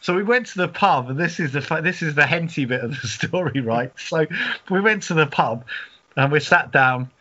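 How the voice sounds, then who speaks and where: Man, middle-aged, rambling anecdote, chuckling, bright forceful voice, somewhat high, dull lo-fi sound. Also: animated, moderate pace. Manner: rambling, laughing, lots of restarts. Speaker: podcast co-host. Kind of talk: casual storytelling chat. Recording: dull lo-fi audio.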